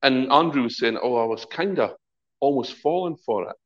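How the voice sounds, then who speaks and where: Man preaching, lively up-and-down voice, dull lo-fi recording, casual storytelling. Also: mid-range voice, moderate pace. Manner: lively, conversational preaching with acted-out quotes. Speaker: pastor. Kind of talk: sermon.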